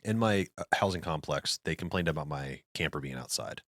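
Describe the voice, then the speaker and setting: Fast-talking low-voiced man. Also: animated, fairly bright tone, no room sound. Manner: blunt, profane, rambling storyteller. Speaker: podcast guest. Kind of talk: casual storytelling chat.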